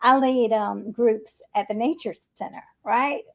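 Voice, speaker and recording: Enthusiastic woman host, gravelly voice. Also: fairly high pitch, measured pace. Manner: enthusiastic, friendly. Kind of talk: casual interview chat.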